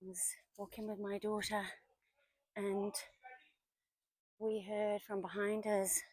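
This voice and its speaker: A woman in her forties talks on a casual vlog as she walks through woods, chatty and storytelling. Her voice sits at an ordinary middle pitch, and now and then she drops to a whisper. The sound is close and dry, with no echo. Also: level tone, slow pace, long pauses, darkish tone. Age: 40s. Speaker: vlogger. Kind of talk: casual walking vlog narration. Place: outdoors in woodland.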